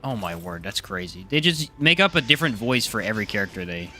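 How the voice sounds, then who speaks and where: A man's voice: on the low side, very animated, fast, sharp tone. A man streaming a live game, chatting casually, joking and answering his chat. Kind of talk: casual live gameplay commentary.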